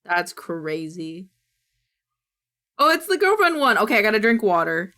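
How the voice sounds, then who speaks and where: Bright, lively young woman streamer. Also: medium pitch, unhurried. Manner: goofy, loose and swearing, squeals at clips. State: high. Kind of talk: casual chat reacting to videos.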